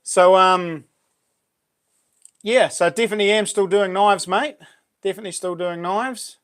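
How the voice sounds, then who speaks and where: A New Zealand man hosting a casual live stream, chatting in a relaxed way, full of slang and reading out viewer comments. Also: high-pitched, measured pace. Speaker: livestream host.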